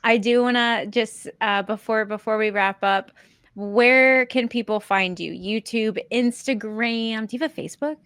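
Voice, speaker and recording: A woman's voice: a little high, steady tone, a little slow, a bit bright, clean tone, no room sound, studio quality. A woman hosting a podcast, eagerly prompting her guest and laughing easily. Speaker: podcast host. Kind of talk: casual podcast chat.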